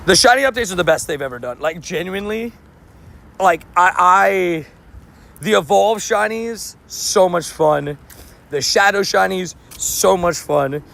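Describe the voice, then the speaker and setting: A man's voice: high voice, measured pace, creaky, fairly bright tone. A young man chatting casually and cheerfully on a live stream outdoors, laughing often and restarting sentences. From not from New York. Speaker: livestreamer playing a mobile game outdoors.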